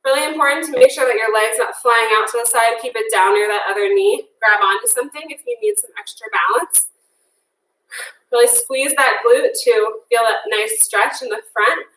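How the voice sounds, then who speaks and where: Casting note: winded woman cardio instructor, high voice, counts reps. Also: lively intonation, moderate pace, fairly bright tone. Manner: encouraging, casual, counts down reps. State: out of breath. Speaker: fitness instructor. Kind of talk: guided workout class instruction. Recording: echoey room, mic at a distance.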